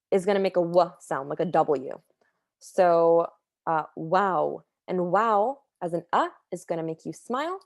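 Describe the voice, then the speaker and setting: A young woman with a low voice explains letter sounds in an easygoing, unscripted way, with plenty of fillers and self-corrections. She is recorded close to the mic in a dry space with no room sound. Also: dry recording. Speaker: Quran recitation teacher. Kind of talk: casual tutorial.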